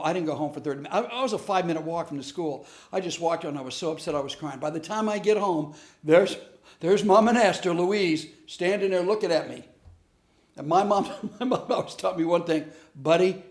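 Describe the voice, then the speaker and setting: A middle-aged man leads a class by telling stories, acting out every voice in them. His voice sits a little high for a man. His delivery is animated and lively. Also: fairly quick, reverberant. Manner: animated storyteller acting out dialogue. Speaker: comedian teaching a class on bullying. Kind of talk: storytelling lesson.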